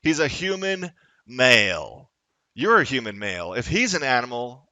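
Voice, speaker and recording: A man delivering an angry, profane, confrontational political rant as a vlogger, at times rising to shouts. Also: medium pitch, big pitch swings, moderate pace, dry recording.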